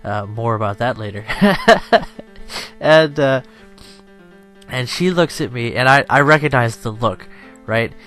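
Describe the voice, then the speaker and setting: A man's voice: medium pitch, animated, takes it slowly, pauses often, a bit bright, soft background music. A tired young man chatting over gameplay as a channel host, rambling and self-deprecating, laughing often.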